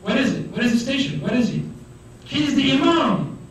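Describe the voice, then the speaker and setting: A man giving a religious lecture to students, animated, acting out the voices of the people he describes. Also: very high-pitched, normal speed. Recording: echoey hall, mic far off, faint noise.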